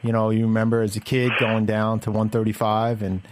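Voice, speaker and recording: A man's voice: lowish voice, completely flat delivery, fairly quick, noisy background. A man from the Boston suburbs with a Boston accent, hosting a casual podcast chat and rambling with many fillers and restarts. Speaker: podcast host.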